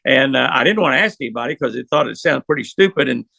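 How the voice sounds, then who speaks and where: An older man with a deeply gravelly, forceful voice tells folksy fishing stories as an interview guest. He rambles from one anecdote to the next. The sound is dry and close. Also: lively intonation, fast, no echo. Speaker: pro angler guest. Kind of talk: storytelling interview.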